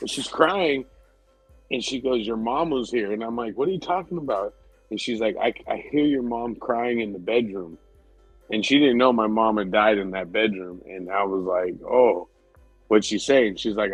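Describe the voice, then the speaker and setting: A man's voice: on the low side, slightly rough, dry recording, low-quality recording. A man co-hosting a podcast, telling a story in casual, rambling chat, swearing freely and laughing often. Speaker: podcast co-host.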